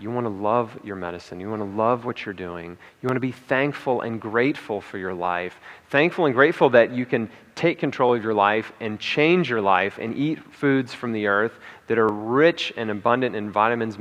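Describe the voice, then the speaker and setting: A man's voice: lowish voice, fairly bright tone. A man giving an emphatic motivational talk at a conference, repeating key lines and checking in with "okay?" and "right?". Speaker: speaker at a conference. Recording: reverberant hall.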